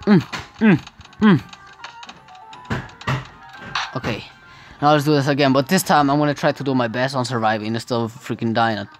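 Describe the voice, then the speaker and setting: A woman's voice: very deep voice, normal speed, pauses often, faint music behind. A woman giving casual gameplay commentary, often exclaiming in frustration and laughing at the game. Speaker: gaming video creator.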